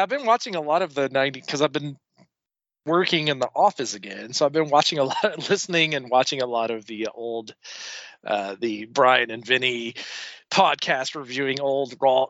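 A man's voice: mid-range voice, fairly bright tone, dry recording, dull audio. A man co-hosting a podcast, rambling in profane casual chat and laughing often. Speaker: podcast co-host.

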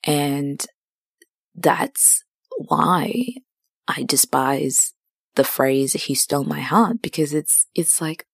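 Young woman podcast host, deep and dry, slow and chatty, a bit dramatic. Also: expressive, creaky, slightly rough, no room sound. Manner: chatty, self-dramatizing storyteller. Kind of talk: casual personal monologue.

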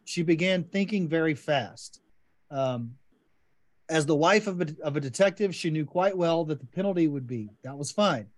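A man's voice: a little high, animated, normal speed. A man hosting a podcast, enthusiastically discussing a short story and guiding the talk with questions. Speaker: podcast host. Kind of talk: casual literary discussion.

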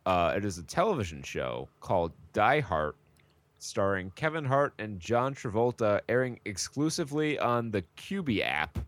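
A man with a very deep voice co-hosting a podcast, delivering dry, sarcastic humor in casual chat. The sound is close and completely dry, with no room echo. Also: sing-song, moderate pace. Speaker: podcast co-host.

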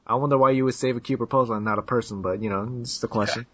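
A man's voice: mid-range voice, steady tone, very fast, fairly bright tone, no echo. A man hosting a casual podcast chat, teasing his guest and laughing often. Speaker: podcast host. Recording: dull lo-fi dry sound.

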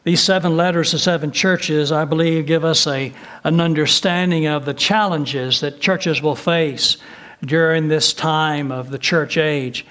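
Retired older pastor preaching, folksy. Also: male voice, fairly high pitch, fairly even intonation, measured pace. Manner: folksy, with frequent "uh" fillers and gentle humor. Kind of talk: sermon.

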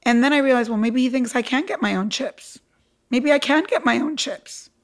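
A middle-aged woman from Cuba, guesting on a podcast as an entrepreneur, tells her story with emphatic energy. She speaks at a moderate pace in a slightly high voice, animated and forceful, and acts out the quotes.

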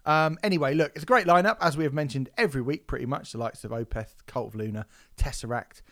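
A man's voice: mid-range voice, quick pace, fairly bright tone. This is a man in casual podcast chat. He tells his stories animatedly, working himself up into mock outrage and dropping swear words as he goes. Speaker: podcast host.

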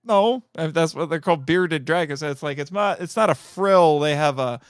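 A man's voice: fairly high pitch, moderate pace, smooth, no echo. A man co-hosting a podcast in casual, joking chat, laughing often. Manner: jokey, playful, laughs often. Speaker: podcast co-host. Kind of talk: casual chat reviewing a tokusatsu show.

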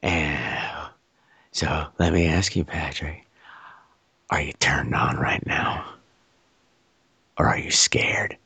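A man putting on a husky, menacing whisper as a leering male haunted-house performer. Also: rumbling low, steady tone, slow pace, pauses often, bright, forceful tone, dry recording, voice pushed down, heavily acted. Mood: taunting whisper. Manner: taunting, leering.

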